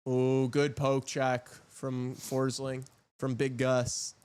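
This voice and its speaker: A man co-hosting a casual hockey chat, reacting quickly to live game action in excitable, slangy talk. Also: mid-range voice, clear, resonant tone. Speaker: co-host.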